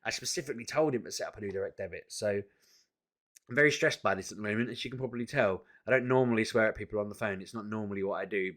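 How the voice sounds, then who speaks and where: Man, casual vlog rant, exasperated, animated, stumbles and restarts, sharp forceful tone. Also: fairly low pitch, quick pace. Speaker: vlogger. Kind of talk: casual ranting vlog to camera.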